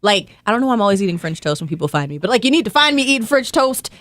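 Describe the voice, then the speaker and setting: A young woman guest in a casual interview, telling stories in an animated, playful way with comic asides. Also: medium pitch, very fast, no echo. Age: young adult. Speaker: podcast guest.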